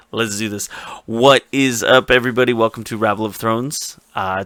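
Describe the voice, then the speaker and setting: Bright-voiced guy hosting a chatty recap, rambly and energetic, dry close mic. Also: fairly low pitch, no echo. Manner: energetic, rambling with restarts and acted-out quotes. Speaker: podcast co-host. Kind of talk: casual chat recap.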